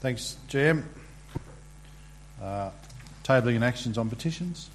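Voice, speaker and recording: Male meeting chair, plain mid pitch, halting procedural delivery, faint hum behind. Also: lively intonation. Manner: halting, filler-heavy procedural reading.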